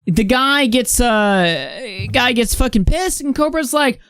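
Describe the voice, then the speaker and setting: A woman's voice: a little high, lively intonation, takes it slowly, a bit bright, clean tone, dry recording, studio quality. A young woman in her late teens hosting a live online commentary stream, reading posts aloud and ranting bluntly with plenty of swearing.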